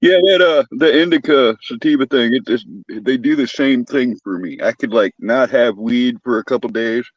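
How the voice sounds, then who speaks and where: A man's voice: mid-range voice, moderate pace, hardly any pauses, no room sound. A man calling in to a livestream, chatting in a laid-back, joking, swearing way. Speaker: guest caller on a stream. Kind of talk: casual chat. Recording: dull lo-fi call audio.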